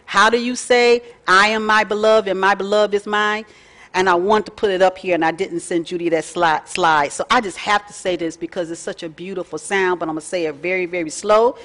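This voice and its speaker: A woman, teaching a faith lesson in a folksy, chatty way with lively asides. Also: fairly low pitch, moderate pace. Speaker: Bible study teacher. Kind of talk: casual teaching talk.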